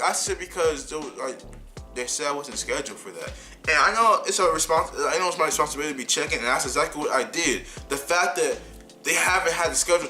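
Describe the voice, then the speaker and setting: Young man ranting with a bright edge. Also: a little high, fast, faint music behind. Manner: heated, animated, repeats himself. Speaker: vlogger telling a story. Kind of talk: casual storytime rant.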